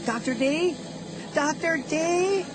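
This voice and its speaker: Scared young girl, high and urgent, put on by the audiobook narrator; music bed behind. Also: slow. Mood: frightened. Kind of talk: audiobook character voice.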